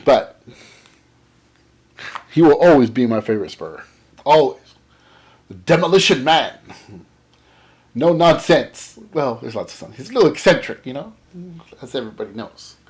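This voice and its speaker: A man's voice: mid-range voice, lively intonation, moderate pace, pauses often, darkish tone, husky. A man casually showing off a haul of collectibles, enthusiastic and rambling, repeating how awesome things are. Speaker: comic and card collector vlogger. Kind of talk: casual haul show-and-tell.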